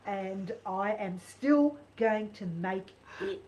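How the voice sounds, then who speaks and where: A woman reading tarot on a live stream, speaking in an earnest, encouraging and animated way. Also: medium pitch, slow, poor audio.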